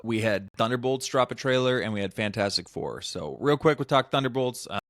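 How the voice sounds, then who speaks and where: A man hosting a casual chat podcast, rambling in a relaxed way as he leads the talk. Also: medium pitch, brisk, no echo, studio quality. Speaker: podcast host.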